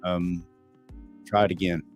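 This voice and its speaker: Deep-voiced Texan man chatting. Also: flat delivery, a little slow, faint music behind. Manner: candid, blunt and profane, answering viewers off the cuff. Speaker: livestream host reading chat. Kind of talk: casual live stream chat.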